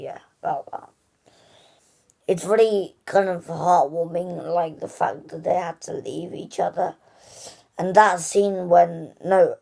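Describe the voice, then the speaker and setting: A woman's voice: fairly low pitch, vocal fry, warm tone. A woman hosting a casual spoken movie review, gushing and rambling with lots of "like" and restarts.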